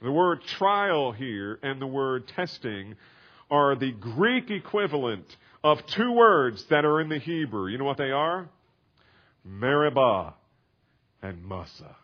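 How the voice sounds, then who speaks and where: A man delivers an expository sermon in a mid-range voice, walking listeners through a scripture passage. He explains calmly, then builds into emphatic, raised passages. The recording sounds slightly muffled. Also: medium pitch, slow pace. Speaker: preacher. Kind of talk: sermon, expository Bible teaching.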